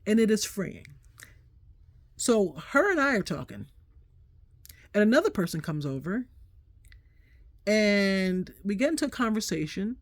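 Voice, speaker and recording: A middle-aged woman vlogging, telling a story in a chatty, animated way and acting out what people said. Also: medium pitch, a little slow, pauses often, dry recording. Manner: animated, chatty, acts out quotes. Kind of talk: casual storytelling to camera.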